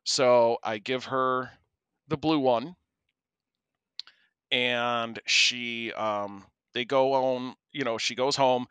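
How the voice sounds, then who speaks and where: Male podcast co-host, bright tone, dry sound, animated storyteller. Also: mid-range voice, very slow, clear, resonant tone, no echo. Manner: animated, acts out quoted voices. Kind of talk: casual storytelling.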